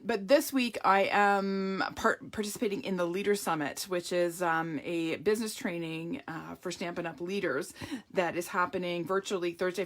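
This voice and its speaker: A woman's voice: medium pitch, a bit bright. A woman leading a live card-making demonstration, chatting to viewers with a catch in her throat. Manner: chatty, greets viewers by name. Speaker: papercraft demonstrator.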